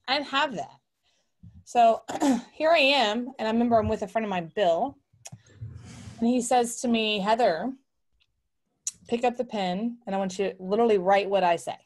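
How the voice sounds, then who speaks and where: Middle-aged woman, interview guest, animated storyteller, mid-pitched voice. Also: moderate pace. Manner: animated, acts out quoted voices. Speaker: guest entrepreneur.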